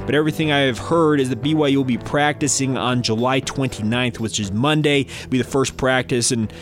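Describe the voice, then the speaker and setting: A man's voice: mid-range voice, steady tone, fairly quick, soft background music. Man hosting a college football podcast. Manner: conversational, with fillers and restarts. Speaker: podcast host. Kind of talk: sports podcast talk.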